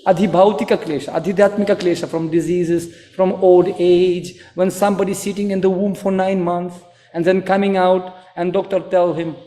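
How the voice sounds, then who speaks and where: A man from Ukraine preaching a sermon, animated and acting out quoted voices. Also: sits high, a little fast, soft background music. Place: temple hall. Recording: echoey hall.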